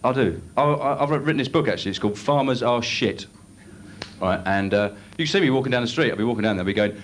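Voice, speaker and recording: A young man doing live stand-up on a club stage, telling rambling stories in a deadpan way with asides. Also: mid-range voice, fast talker. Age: young adult. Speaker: stand-up comedian. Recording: noisy old videotaped club show.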